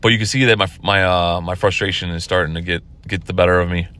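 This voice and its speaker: A man's voice: low-pitched, fairly even intonation, fast talker, pushed and bright. A tired man commenting on his own pool match from his car, rambling and self-critical. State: tired, yawning. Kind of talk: casual video commentary.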